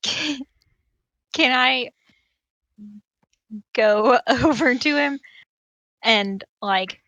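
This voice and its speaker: A woman's voice: high voice, very slow, pushed and bright, dry recording. A woman playing in a tabletop game, speaking hesitantly with many ums. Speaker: player. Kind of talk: casual chat during a tabletop game.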